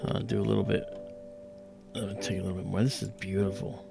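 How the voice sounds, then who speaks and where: A man's voice: lowish voice, level tone, brisk, creaky, music in the background. A man hosting an astronomy livestream, explaining casually with many fillers and restarts.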